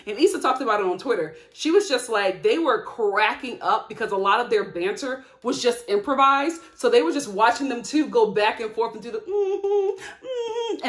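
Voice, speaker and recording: Chatty young woman, lively pitch. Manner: chatty, laughs often, animated asides. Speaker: TV recap vlogger. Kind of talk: casual TV episode review.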